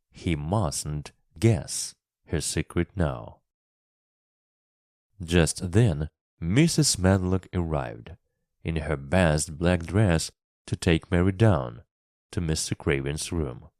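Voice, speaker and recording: A man narrating a classic story for English learners, slow, clear and expressive. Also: very deep voice, dry recording, clean studio sound.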